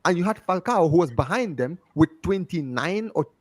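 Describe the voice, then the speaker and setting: A man with a London accent hosts a football fan chat and pushes his point with emphatic, repeated phrasing. His voice sits a little high. The sound is dry and close, with no room around it. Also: animated, normal speed, dry recording. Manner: emphatic, keeps circling back to his point. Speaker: host of a football fan show. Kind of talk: casual group chat on a livestream.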